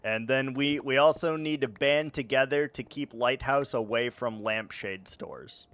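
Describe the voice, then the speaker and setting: A man chats through a gaming stream in a loose, unhurried drawl, rambling from one joke to the next. His pitch sits in an ordinary middle range, and he laughs often at his own jokes. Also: a bit bright, clean tone. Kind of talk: casual gaming stream chat.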